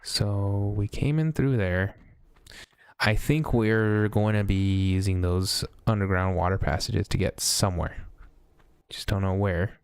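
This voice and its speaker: A man hosting a let's play, chatting casually and thinking aloud as he plays, often pausing with hesitations. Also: fairly low pitch, fairly even intonation, a little mellow, smooth, no room sound. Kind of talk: casual gameplay commentary.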